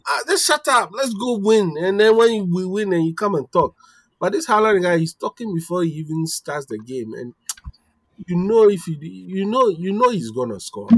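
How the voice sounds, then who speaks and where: Man with a higher voice going on about a striker, dry close sound. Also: dry recording. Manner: chatty, quotes himself, says "guy" and "like" a lot. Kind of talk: casual football chat.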